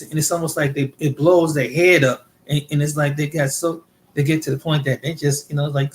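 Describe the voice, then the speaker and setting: A man's voice: a little high, fairly even intonation, moderate pace, slight background noise. A man from the United States talking in a casual monologue, rambling and repeating words as he tells his experiences. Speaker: vlogger.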